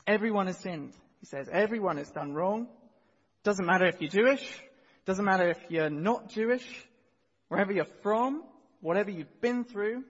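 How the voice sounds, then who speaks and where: A man whose voice sits high preaches earnestly to his church, storytelling vividly and leading everyone in the reading. The recording is muffled, with a long reverb tail.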